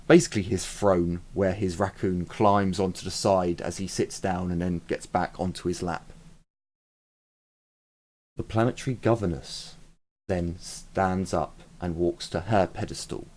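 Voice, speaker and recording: A man narrating a tabletop game as its game master, slow and unhurried. His voice sits a little low. He stops and restarts as he goes. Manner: relaxed, halting, with fillers and restarts.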